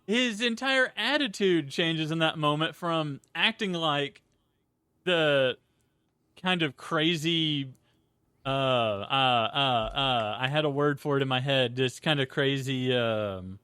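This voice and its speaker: A young adult man chatting on a film-review podcast, animated and quick to slip into the lines he quotes. His voice is bright and crisp, recorded close and dry with no room sound. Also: fairly high pitch, dry recording. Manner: animated, acts out quoted lines, swears casually. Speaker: podcast co-host.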